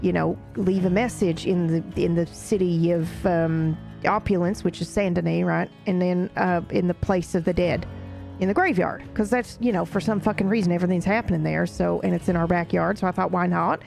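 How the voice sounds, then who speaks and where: A woman's voice: lowish voice, steady tone, brisk, vocal fry, darkish tone, soft background music. A woman recapping events in character during a roleplay session, rambling and swearing casually as she tells the story.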